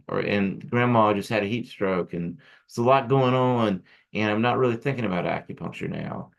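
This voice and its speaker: A middle-aged man teaching acupuncture students in a casual, joking lecture with lively asides to the viewer. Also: on the low side, vocal fry. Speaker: acupuncture instructor.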